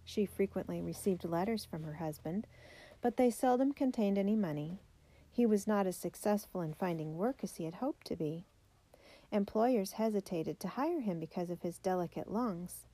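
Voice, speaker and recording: A woman reading a children's biography aloud in a measured, steady way. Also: medium pitch. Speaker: narrator.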